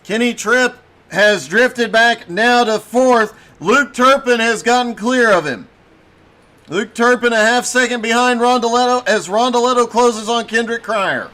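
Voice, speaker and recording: A man doing brisk play-by-play commentary on a sim race, with a voice he says is giving out. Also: very high voice, sharp tone. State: losing his voice.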